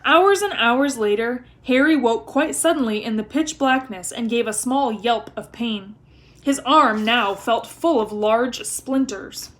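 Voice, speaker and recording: A woman reading a novel aloud with expressive storytelling. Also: fairly high pitch, unhurried. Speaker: reader.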